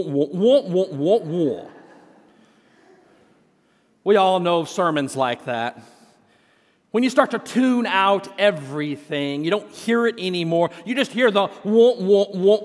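A male senior pastor preaching a sermon. He opens with a humorous story, told in a deliberate way. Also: high voice. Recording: long church hall reverb.

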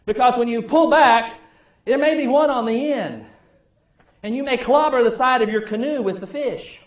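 A middle-aged pastor with a high voice delivers a sermon, shifting between hushed prayer and livelier storytelling. His wry tone carries through an echoey sanctuary, with the room ringing after each phrase. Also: moderate pace. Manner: storytelling, wry, varies loudness widely. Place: church sanctuary.

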